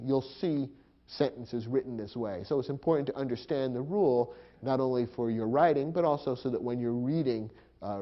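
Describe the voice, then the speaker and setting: A man teaching a grammar lesson, explaining punctuation clearly and patiently. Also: mid-range voice, muffled recording.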